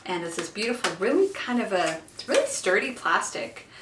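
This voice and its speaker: A woman in her thirties who has children, excitedly unboxing makeup in a casual vlog recorded in her bathroom, gushing with lots of fillers. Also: mid-range voice, fairly quick, background noise. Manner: giddy and gushing, with many fillers. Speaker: beauty vlogger. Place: home bathroom. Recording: echoey bathroom, mic a bit far off.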